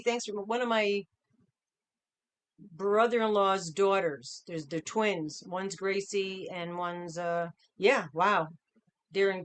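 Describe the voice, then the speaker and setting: A middle-aged woman hosts a casual livestream from home, her smooth, mid-range voice upbeat as she greets viewers by name one after another.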